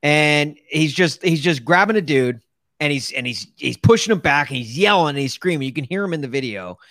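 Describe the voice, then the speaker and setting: Excitable man, fairly high voice. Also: fairly quick, no room sound, studio quality. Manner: excitable, laughing, lots of "like". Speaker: podcast co-host. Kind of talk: casual sports chat.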